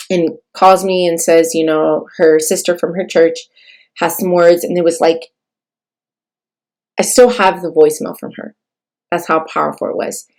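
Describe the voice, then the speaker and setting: A young woman with a somewhat low voice tells a personal story straight to camera. She talks in a halting, tearful way and restarts her sentences often. She grew up in California. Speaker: vlogger sharing a birth story.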